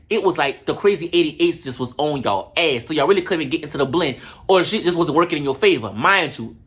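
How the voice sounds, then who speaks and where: A man giving a casual, comedic recap of a reality show, animated and profane with a sassy edge. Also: high voice.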